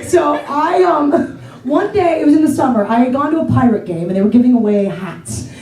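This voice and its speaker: Woman stand-up from the Pittsburgh area, chatty and self-deprecating, high voice, roomy and distant stage sound. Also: animated, a little fast, warm tone. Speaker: stand-up comedian. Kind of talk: stand-up comedy set. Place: comedy theater stage.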